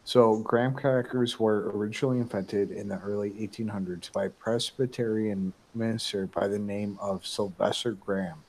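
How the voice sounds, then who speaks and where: Low-voiced man telling trivia. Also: a little mellow, low-quality recording. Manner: loose, trivia-telling, swears casually. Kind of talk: casual chat.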